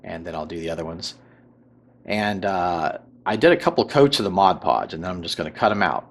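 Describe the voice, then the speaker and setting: A man with a fairly low voice narrates a tabletop crafting tutorial. He talks casually and loosely, full of fillers, and keeps checking in with the viewer. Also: brisk. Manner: relaxed, filler-heavy, checks in with "right?" and "okay?".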